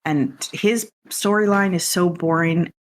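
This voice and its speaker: A man's voice: sits high, measured pace, a little hiss or hum. A man hosting a podcast, casually recapping a film in a chatty, rambling way with lots of asides. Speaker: podcast host.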